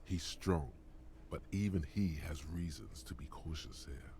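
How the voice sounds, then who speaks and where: A man voicing the gravelly, portentous inner narrator of a detective video game. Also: rumbling low, dark tone, a little hiss or hum. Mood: solemn. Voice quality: gravelly, slow, portentous delivery.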